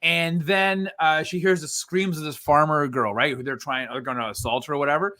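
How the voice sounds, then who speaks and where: A man's voice: a little high, fairly even intonation, brisk, sharp tone. A man co-hosting a casual review chat, retelling a film's plot in a rambling way full of fillers. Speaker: co-host reviewing a film.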